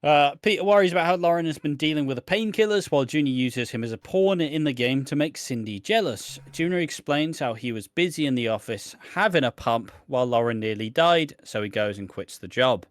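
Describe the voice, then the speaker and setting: A man's voice: fairly high pitch, expressive, fairly quick, few pauses, no room sound, studio quality. A man co-hosting a casual podcast, recapping soap episodes in a chatty, sweary way. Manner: sweary, chatty, acts out quotes in mocking voices. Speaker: podcast co-host.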